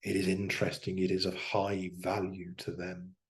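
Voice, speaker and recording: A man demonstrating self-hypnosis aloud as a coach, talking himself through slow, soft affirmations. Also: sits low, completely flat delivery.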